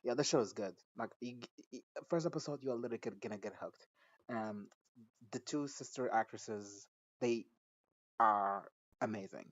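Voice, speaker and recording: A man's voice: mid-range voice, moderate pace, dull audio. Chatty, profane man gossiping over a show. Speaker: show reviewer. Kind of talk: casual recap and reaction commentary.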